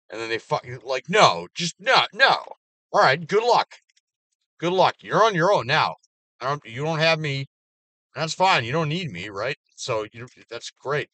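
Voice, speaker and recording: A man delivering an angry, heavily profane personal rant, swinging between loud outbursts and low mutters. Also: dry recording. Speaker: vlogger.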